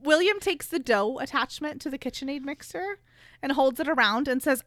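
A woman with a high voice recaps a story for her co-hosts, dropping into quick character voices as she goes. The sound is dry and close to the mic. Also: lively intonation, a bit bright, dry recording. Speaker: podcast co-host recapping a book. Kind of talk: casual chat.

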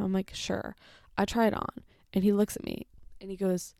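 A young woman with a gravelly, dark-toned voice tells a story in a casual, chatty way, full of "like" and the odd swear word. The sound is dry and close, with no room around it. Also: medium pitch, normal speed, dry recording. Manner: chatty, lots of "like", animated retelling with swearing. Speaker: retail worker telling a story.

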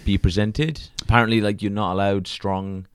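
A man's voice: on the low side, steady tone, normal speed, smooth, no echo, clean studio sound. A man co-hosting a podcast, rambling and joking with plenty of swearing. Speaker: podcast co-host. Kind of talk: casual crude banter.

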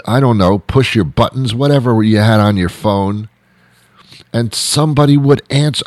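A man's voice: mid-range voice, no room sound. A man delivering an exasperated, comic rant with lots of repetition and restarts. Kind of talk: ranting monologue.

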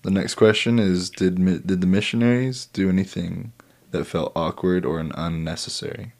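Deep-voiced male interviewer, casual. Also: steady tone, normal speed, vocal fry, darkish tone.

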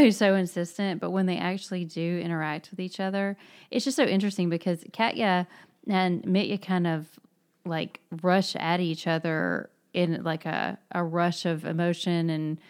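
A woman's voice: fairly low pitch, moderate pace, clean tone. Reflective woman discussing a novel. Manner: reflective, hesitant with fillers. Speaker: book discussion participant. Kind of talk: casual book discussion.

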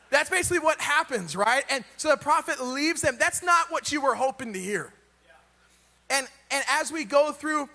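Casual joking preacher, male, high voice, reverberant church hall. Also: pushed and bright. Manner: casual, joking retelling with rhetorical questions. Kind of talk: sermon.

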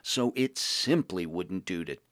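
A man playing a pompous, social-climbing young male journalist with affected, genteel high-society phrasing. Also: expressive, unhurried, fairly bright tone, no echo, studio quality. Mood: airy, pleased. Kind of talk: podcast role-play.

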